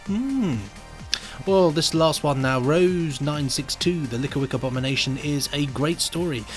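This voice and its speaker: A man's voice: fairly high pitch, measured pace, soft background music. A man co-hosting a podcast, reading reviews and announcing what is coming up. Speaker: podcast co-host. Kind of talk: casual chat, reviews and show rundown.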